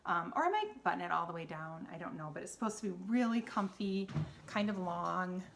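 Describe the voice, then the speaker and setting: A woman's voice: fairly low pitch, lively intonation, fairly quick, vocal fry, a bit bright, slight background noise. Chatty Wisconsin woman knitting host. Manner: chatty, rambling, with many ums and restarts. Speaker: knitting podcast host and yarn seller. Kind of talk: casual show-and-tell chat.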